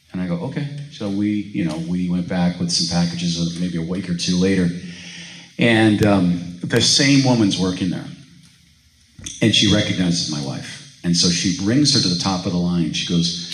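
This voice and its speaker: Low-voiced man preaching in an echoey room. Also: normal speed, a bit bright, slight background noise. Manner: conversational preaching with anecdotes and questions to the congregation. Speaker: pastor. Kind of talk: sermon.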